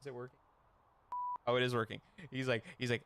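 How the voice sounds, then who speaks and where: A man's voice: mid-range voice, level tone, brisk, long pauses, a bit bright, slight background noise, rough recording. A young man streaming and chatting casually, rambling with lots of fillers and little laughs. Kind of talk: casual chat. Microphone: headset or desk mic with an audio interface.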